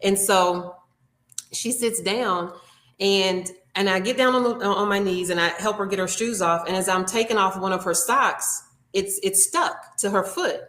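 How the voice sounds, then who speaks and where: A woman's voice: mid-range voice, a little slow, a bit bright, reverberant. A woman working as a nail technician, telling an earnest, heartfelt story in an interview, acting out what people said. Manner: earnest and heartfelt, with frequent restarts and acted-out quotes.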